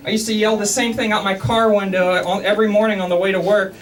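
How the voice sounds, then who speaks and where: A man from Texas doing a stand-up comedy set in a club, self-mocking and animated, often repeating words as he starts a sentence. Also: sits high, fast talker, few pauses, far from the mic, a little hiss or hum, poor audio. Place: comedy club basement, live audience.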